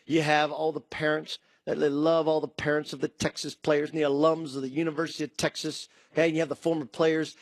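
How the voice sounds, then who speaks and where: A man hosting a sports talk show, riffing in an animated way and acting out quotes in shifting voices. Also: fairly high pitch, a little fast, few pauses, no echo. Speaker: sports talk radio host.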